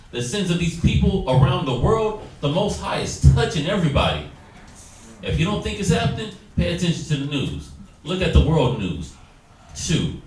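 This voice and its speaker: A man teaching a Bible study class, exhorting his listeners and acting out quoted dialogue. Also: fairly high pitch. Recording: echoey room, distant mic, faint noise.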